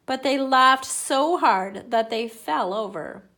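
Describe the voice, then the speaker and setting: A woman reading a children's picture book aloud in an animated, playful way. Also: high voice, takes it slowly. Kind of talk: children's story read-aloud.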